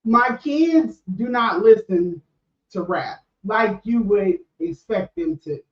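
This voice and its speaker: A woman's voice: mid-range voice, lively intonation, slow, far from the mic. A middle-aged woman who hosts a podcast, talking candidly and casually with frequent restarts. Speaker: podcast host. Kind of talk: casual livestream talk. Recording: echoey room, off-mic, dull sound.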